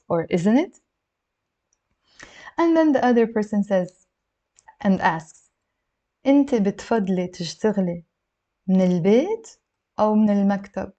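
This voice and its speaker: A woman teaching a language lesson, patiently breaking phrases down and repeating them slowly. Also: medium pitch, mellow, highs cut off.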